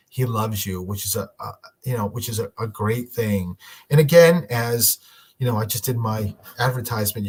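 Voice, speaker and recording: A man's voice: medium pitch, slightly rough. A man doing a casual livestream reading for his viewers, chatty and rambling, with lots of restarts and fillers. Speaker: medium, livestream host.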